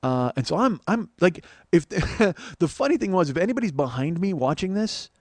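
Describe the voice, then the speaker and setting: A man's voice: high-pitched, sing-song, normal speed, dry recording. A man in his forties telling a rambling, profane story as a podcast host. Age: 40s. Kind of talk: storytelling monologue.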